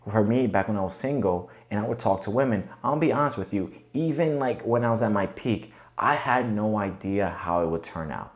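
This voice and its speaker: Casual coaching podcast man, low voice. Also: animated, brisk, hardly any pauses. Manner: conversational, coaching, with frequent rhetorical check-ins. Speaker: podcast host. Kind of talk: casual motivational monologue.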